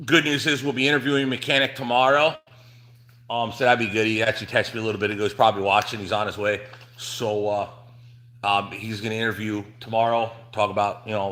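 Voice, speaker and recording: A man's voice: on the low side, bright, forceful tone. A middle-aged man from New Jersey chatting casually on a livestream from his truck shop, rambling with lots of fillers and restarts. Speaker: trucking channel host.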